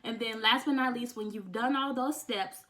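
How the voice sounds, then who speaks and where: A young woman vlogging, talking casually and sassily to her viewers, calling them honey and getting excited almost to tears. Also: a little high, normal speed. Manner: sassy and chatty, says honey a lot; emotional, close to tears with excitement. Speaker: beauty vlogger. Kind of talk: casual chat to camera.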